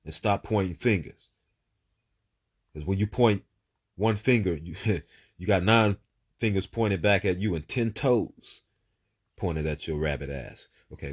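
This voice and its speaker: A man's voice: sits low, slightly rough. A man giving casual live psychic readings to viewers. He talks in an emphatic, preachy way, swears freely, and repeats words and lists in bursts.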